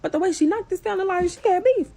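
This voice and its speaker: A woman vlogger telling a story in a casual, animated, profane way, acting out each person's lines. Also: very high voice, fast, gravelly, a little hiss or hum. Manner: animated, profane, acts out dialogue.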